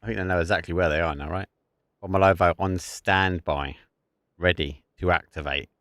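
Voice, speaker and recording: A man giving live play-by-play commentary on an esports match, excitable and prone to bursting into shouts and laughter at big plays. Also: low voice, moderate pace, no echo, clean studio sound. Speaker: esports caster.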